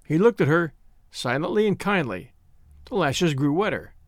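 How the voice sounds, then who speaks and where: A man narrating a classic short story in an expressive, measured reading voice. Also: fairly high pitch, no room sound, studio quality.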